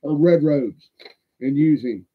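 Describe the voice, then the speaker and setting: A man's voice: fairly high pitch, slow pace, a little hiss or hum. A man hosting a livestream, talking in a folksy, profane, rambling way. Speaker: livestream host. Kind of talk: casual livestream show-and-tell. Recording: dull lo-fi stream audio.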